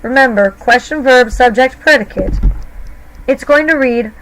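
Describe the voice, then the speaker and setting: A woman's voice: high-pitched, measured pace, a bit bright, a little hiss or hum, poor audio. A woman teacher explaining grammar to her students patiently, step by step, in a recorded lesson. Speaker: Spanish teacher.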